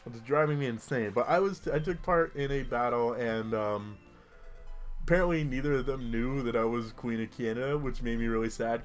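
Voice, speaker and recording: A young man giving casual, rambling commentary while playing a video game, full of jokey asides. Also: mid-range voice. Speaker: gaming YouTuber. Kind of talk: casual let's-play commentary.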